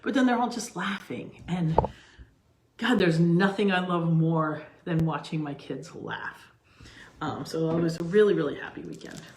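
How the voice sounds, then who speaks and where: Her voice is low-pitched, unhurried and a little mellow as this middle-aged woman chats casually to camera for her own cooking channel. She wanders through asides and restarts in her home kitchen, which sounds roomy and echoey.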